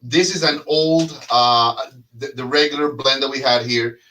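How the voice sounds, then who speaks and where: A male host chatting on a live show, animated and joking with rambling sales patter. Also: mid-range voice, measured pace, recorded from a distance, a little hiss or hum, poor audio. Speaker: host and cigar brand representative. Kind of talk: live casual chat show.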